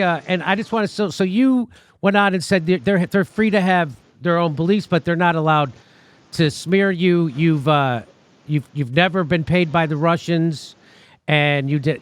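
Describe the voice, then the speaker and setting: A man hosting a political commentary show, talking in an animated, mocking and profane way. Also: on the high side, moderate pace. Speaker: show host.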